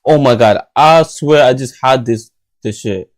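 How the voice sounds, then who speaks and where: A man's voice: mid-range voice, unhurried. Sleepy young male streamer, rambling slangy self-talk, mid-range voice, home bedroom. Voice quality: tired, drowsy, mumbling. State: half asleep. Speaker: livestream host. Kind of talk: late-night casual livestream chat.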